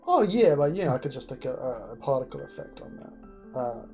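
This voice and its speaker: A man hosting a casual live-stream interview, asking jokey, animated questions with many restarts. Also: mid-range voice, brisk, faint music behind. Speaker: interview host.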